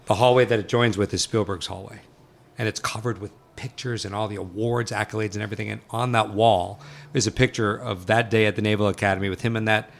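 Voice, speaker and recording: A man, a guest filmmaker, telling an animated story and acting out the voices of the people in it. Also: fairly low pitch, fast talker, vocal fry, slight background noise. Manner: excited, acts out dialogue in quotes. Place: film set.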